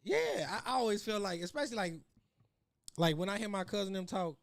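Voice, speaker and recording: A podcast co-host from Chicago with a West Side accent talks a little fast in a high voice, recorded dry. In a casual chat he rambles, restarts often, and laughs through his stories.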